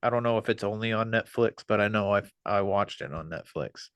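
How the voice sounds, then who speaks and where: A man hosting a podcast, chatting casually and relaxed, laughing and swearing freely. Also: lowish voice, fairly quick, dry recording. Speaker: podcast host. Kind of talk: casual chat.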